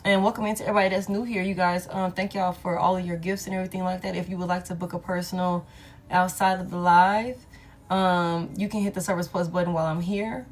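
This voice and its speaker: A woman's voice: lowish voice, fairly even intonation, fast talker. A woman in her thirties hosting a live tarot stream. She talks casually and profanely, speaks straight to her viewers and laughs often.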